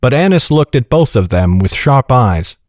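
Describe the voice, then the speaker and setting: A man's voice: medium pitch, very animated, normal speed, a little mellow, no echo. Man reading a fantasy story, dry sound. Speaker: audiobook narrator. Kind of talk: scripted fantasy narration.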